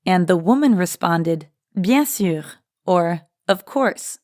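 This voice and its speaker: A woman co-hosting a scripted language lesson, explaining phrases in a friendly, clear way. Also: on the low side, lively intonation, slow pace, darkish tone, dry recording, clean studio sound. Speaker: language teacher and co-host.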